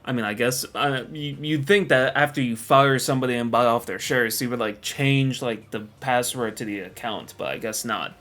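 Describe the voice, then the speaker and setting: A man's voice: medium pitch, normal speed, hardly any pauses, a bit bright, soft background music. A man narrating drama commentary in a loose, profane, filler-heavy way. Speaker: commentary video host.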